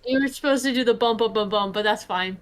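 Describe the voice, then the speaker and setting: A woman's voice: fairly high pitch, quick pace, smooth. A woman co-hosting a stream, teasing her partner playfully in casual chat. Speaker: co-reader on stream. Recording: very noisy mic line.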